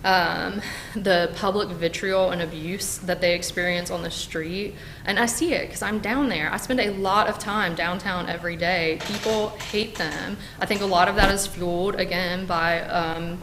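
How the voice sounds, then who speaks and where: A woman's voice: lowish voice, steady tone, normal speed, fairly bright tone, a little hiss or hum. A woman giving heated public comment at a city council meeting, with many fillers and restarts as she addresses the council directly. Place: council chamber.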